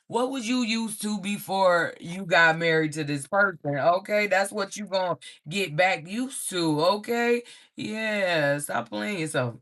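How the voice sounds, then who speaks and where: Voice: medium pitch, fairly bright tone. A tarot reader doing a casual live-streamed reading, blunt and profane, laughing often and tagging phrases with "okay?".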